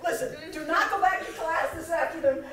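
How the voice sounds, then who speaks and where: A woman's voice: very high-pitched, a little fast, a loud crowd. A middle-aged woman giving a humorous motivational conference talk, acting out little scenes with laughter. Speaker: keynote speaker. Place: large conference hall. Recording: echoey hall, voice from far off.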